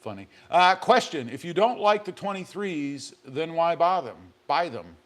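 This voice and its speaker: A man's voice: a little high, lively intonation, unhurried. A man hosting a casual live stream from his garage, reading viewer comments aloud and joking around. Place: home garage.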